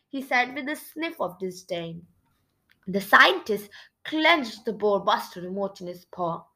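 Woman, high bright voice, animated children's story narration. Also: measured pace, poor audio. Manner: animated, dramatic reading. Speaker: storybook reader.

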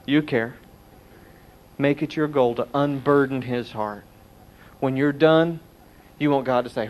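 A middle-aged preacher with a fairly high voice speaks briskly through his sermon. He's an animated storyteller who performs the voices of the people he quotes.

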